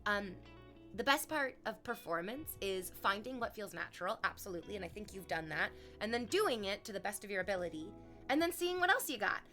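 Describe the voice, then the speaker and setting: Bright-voiced chatty woman streamer. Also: mid-range voice, big pitch swings, a little fast, faint music behind. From Canada. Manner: chatty storytelling, playful exaggerated quoted voices. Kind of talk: casual chat to stream viewers.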